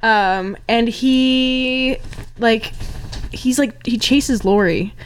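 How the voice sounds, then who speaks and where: A woman's voice: fairly high pitch, extremely slow, slight background noise. Chatty woman host, many fillers. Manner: hesitant, filler-heavy. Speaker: podcast host. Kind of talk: casual podcast chat.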